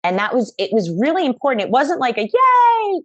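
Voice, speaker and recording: A woman fitness instructor as an interview guest, talking in an energetic, emphatic, upbeat way over a remote call. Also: on the high side, fast, no room sound, dull audio. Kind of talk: conversational interview.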